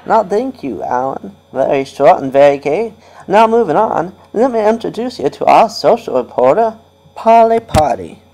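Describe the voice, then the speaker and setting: A man's voice: high voice, big pitch swings, moderate pace, mellow, low-quality recording. A man hosting a homemade comedy radio show, rambling and goofy and laughing at his own jokes. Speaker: host.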